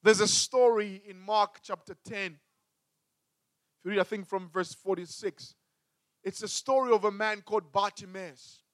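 A man preaching a sermon as a pastor, with emphatic delivery that swings between loud and hushed. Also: high voice, fairly even intonation, moderate pace, no room sound, clean studio sound.

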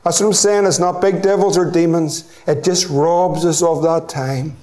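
High-voiced Northern Irish pastor preaching. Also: male voice, steady tone, normal speed, warm tone. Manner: rising to impassioned repeated appeals. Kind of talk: sermon.

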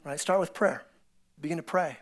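Give me a chatty, animated male pastor preaching. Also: a little high, moderate pace. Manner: animated storytelling, acting out biblical characters with excited voices; conversational, repeats words and restarts often. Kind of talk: sermon. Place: church sanctuary.

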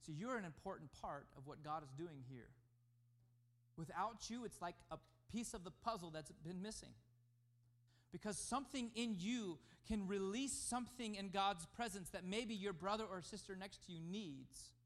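A man preaching a sermon as pastor, emphatic, rising and falling in loudness. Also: sits high, moderate pace.

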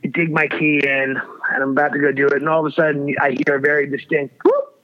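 A man's voice: on the high side, expressive, fast talker. A man telling a wild story in casual chat, rambling and swearing with lots of restarts. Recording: dull lo-fi audio.

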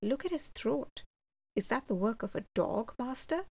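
A woman's voice: on the high side, animated, normal speed, vocal fry, a little mellow, voice pushed up. A woman doing a terrified soldier, urgent and fearful. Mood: insistent. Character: terrified superstitious male soldier.

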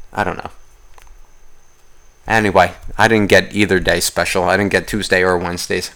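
A young man hosting a podcast, telling a rambling everyday story in a profane, animated ranting way. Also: fairly low pitch, brisk. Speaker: podcast host. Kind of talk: casual solo podcast rant.

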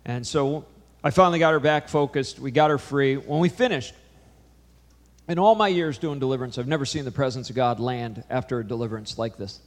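A man's voice: mid-range voice, brisk. A man preaching a sermon, telling a story with emphatic rises and drops in his voice. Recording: long hall reverb.

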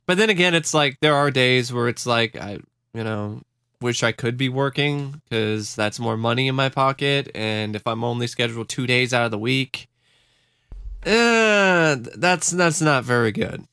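Young man, podcast co-host, laid-back, hesitant, smooth clear voice, dry sound. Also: mid-range voice, normal speed, bright, forceful tone, dry recording. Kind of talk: casual podcast chat.

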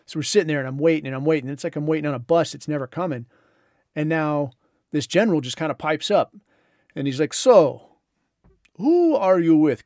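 A man's voice: medium pitch, a little mellow, dry recording, studio quality. A middle-aged man hosting a podcast, telling a story in a laid-back, conversational way and ending with advice to his listeners. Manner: laid-back, conversational, drawls and mimics others in retold dialogue. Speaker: podcast host. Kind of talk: casual storytelling monologue.

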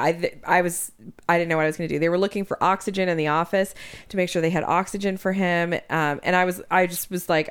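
A woman's voice: fairly low pitch, clean tone. A woman in her thirties, a podcast co-host, telling a story in casual chat and acting out what others said. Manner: animated storytelling, quotes others.

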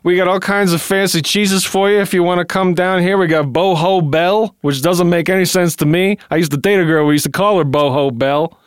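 A man's voice: high-pitched, steady tone, brisk, few pauses, smooth, no echo, studio quality, lightly acted. A man playing a brash, rambling restaurant promoter in an improvised comedy commercial, wandering into odd tangents. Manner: rambling, tangent-prone, laughing.

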